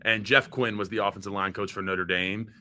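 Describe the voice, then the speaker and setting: A man's voice: lowish voice, steady tone, brisk, bright, forceful tone. A young man from Maryland, a podcast guest and former college football player, talking in a loose, chatty way with lots of fillers and restarts. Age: young adult. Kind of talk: casual chat.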